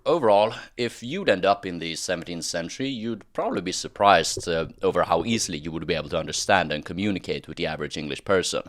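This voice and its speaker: A man hosting a history channel, moving between scripted narration and relaxed, casual chat with the camera. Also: low voice, fast, few pauses. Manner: explanatory, relaxed asides while drinking. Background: guitar music.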